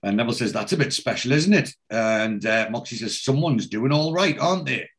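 A man's voice: medium pitch, brisk, fairly bright tone. A man chatting casually as a podcast host, retelling scenes and reading out characters' lines with plenty of ums. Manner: reads out character lines in a plain retelling voice, many fillers. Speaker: podcast host recapping a TV episode.

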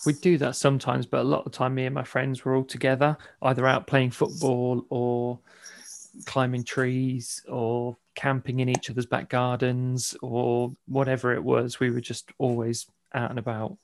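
A middle-aged man, hosting a casual podcast chat, croaky as he loses his voice. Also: mid-range voice, monotone, moderate pace. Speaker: podcast host.

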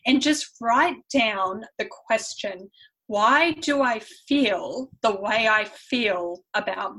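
A woman's voice: a little high, fairly bright tone, low-quality recording. An Australian woman with a faint European tinge, a podcast guest and mentor speaking earnestly with frequent "um" fillers. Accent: Australian with a slight European tinge. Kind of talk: conversational podcast interview.

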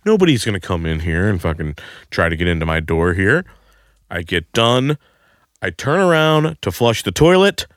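A man co-hosting a podcast, telling a crude comedic story and shouting the quoted lines. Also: sits low, very animated, normal speed, dry recording, clean studio sound.

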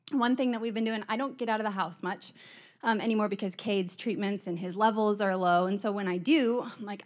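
A middle-aged woman giving a conversational sermon, chatty and storytelling, acting out quoted exchanges. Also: mid-range voice. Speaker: church speaker.

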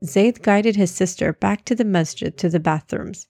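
A woman reading a children's story aloud in a gentle, clear way. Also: mid-range voice, normal speed, no echo, clean studio sound.

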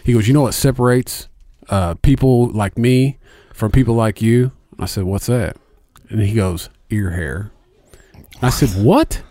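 A man's voice: mid-range voice, moderate pace, warm tone, dry recording, studio quality. A middle-aged man chatting casually as a podcast co-host, rambling through stories with many fillers and heavy swearing. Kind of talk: casual chat.

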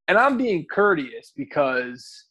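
A man's voice: on the high side, very animated, takes it slowly, sharp tone, breathy edge. A man co-hosting a podcast, telling rambling, profane stories in casual chat and often correcting himself. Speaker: podcast co-host.

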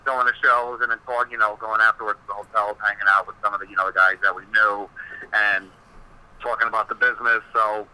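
A man's voice: on the low side, little pitch movement, a little fast, sharp tone, clean tone, low-quality recording. A man, a wrestling personality, telling stories in a casual podcast interview, rambling with many fillers and swearing freely.

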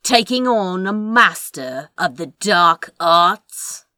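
A woman plays a sardonic male master of the dark arts in an audiobook, dragging out each threat in a slow, self-important drawl. the voice is dry and close, with no room around it. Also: on the low side, animated, no room sound, heavily acted. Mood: menacing. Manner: pompous, slow intoning menace. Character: haughty male dark sorcerer, scheming and sardonic.

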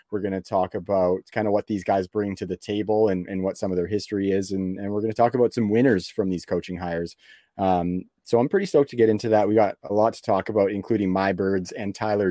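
A man's voice: lowish voice, mellow, no echo, clean studio sound. A man from Canada hosting a sports podcast, talking in a laid-back way with lots of fillers and easy laughs. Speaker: podcast host. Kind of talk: casual sports podcast chat.

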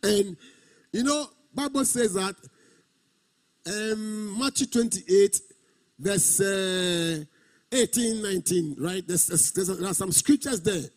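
A male pastor delivering a sermon, stretching and half-singing key words and repeating phrases for emphasis. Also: high-pitched. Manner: preaching with sung, drawn-out emphasis and repetition.

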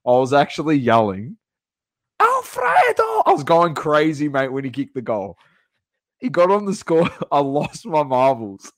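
A man's voice: mid-range voice, expressive, moderate pace, dry recording, studio quality. A man co-hosting a casual sports podcast, rattling off football scores and laughing often. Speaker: podcast co-host.

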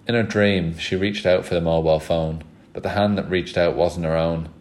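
A man reading a children's novel aloud in a steady, measured storytelling manner. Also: low voice. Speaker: audiobook reader.

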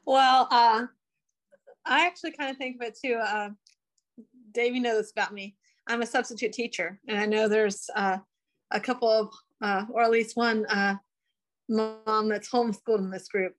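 A woman in a study group, sharing a thought in casual discussion and pausing often with uh. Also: on the high side, steady tone. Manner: hesitant, many uh fillers.

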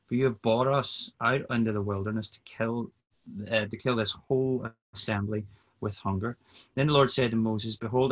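Low-voiced man on muffled call audio. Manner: easygoing, reads scripture steadily. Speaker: podcast guest, mission partner. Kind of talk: casual chat and scripture reading. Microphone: video call.

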